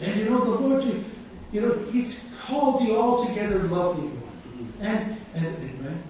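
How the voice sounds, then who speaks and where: A man preaching a sermon, telling stories with animated quotes and frequent laughter. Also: high-pitched, normal speed, a little hiss or hum. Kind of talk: sermon with storytelling. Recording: echoey distant hall sound, dull.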